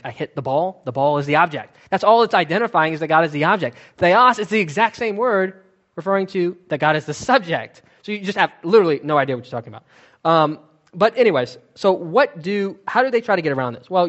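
Male Bible teacher, slightly high voice, emphatic and chatty, dull lo-fi recording. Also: fairly bright tone. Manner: emphatic, conversational explaining.

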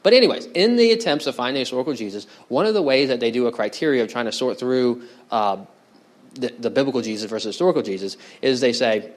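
A man's voice: medium pitch, quick pace. A male pastor preaching a sermon in a conversational way, often asking the congregation questions. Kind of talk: expository sermon.

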